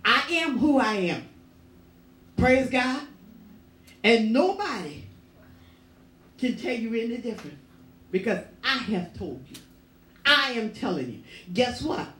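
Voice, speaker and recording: A woman's voice: fairly high pitch, sing-song, a little slow, pauses often, a bit bright. A woman preaching a sermon in church, with an emphatic, repetitive preaching cadence. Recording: echoey room, voice from far off.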